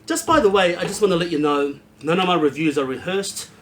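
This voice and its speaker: A man's voice: high-pitched, fairly quick, very noisy. A man hosting a casual, unscripted whisky review, rambling and blunt, swearing freely.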